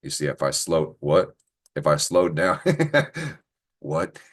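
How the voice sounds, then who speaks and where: A man's voice: rumbling low, sing-song, takes it slowly. A young man hosting a casual astrology show, joking, swearing freely and laughing often, recorded on a computer call. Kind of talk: casual weekly astrology talk. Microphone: computer mic on a screen-recorded call.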